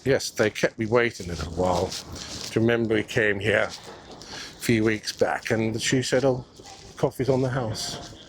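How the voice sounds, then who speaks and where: A man's voice: lowish voice, fairly even intonation, measured pace, slight background noise. A man giving casual walking-tour commentary outdoors, musing aloud and chatting to viewers while he walks and films. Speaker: vlogger. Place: outdoors on city streets. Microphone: clip mic under his coat.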